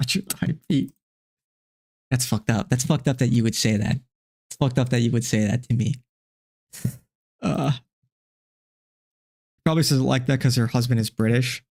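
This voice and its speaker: A man's voice: medium pitch, fairly even intonation, normal speed, pauses often, darkish tone. A man hosting a live stream, reacting to clips with profane, exasperated rants. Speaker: streamer host.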